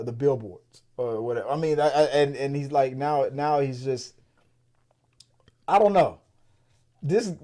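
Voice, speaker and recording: A man's voice: medium pitch, dark tone. Rambling, profane male podcast host. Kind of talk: casual chat.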